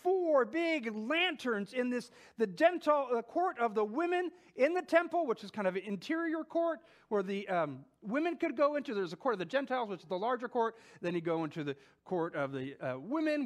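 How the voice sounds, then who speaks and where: This sermon comes from a male pastor whose voice sits fairly high; he's animated and conversational, carrying on despite fillers and false starts. His delivery slows and grows weighty whenever he reads scripture aloud.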